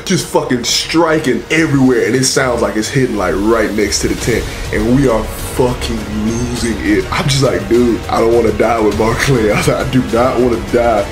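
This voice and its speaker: A young man telling a funny story in a profane, animated, slangy way. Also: mid-range voice, normal speed, hardly any pauses, music in the background. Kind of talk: comedic storytelling.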